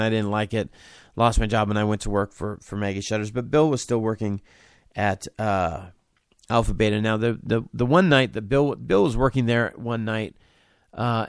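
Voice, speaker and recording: A man's voice: on the low side, dry recording, studio quality. A man in his forties, a podcast host, telling a personal story with many restarts and fillers.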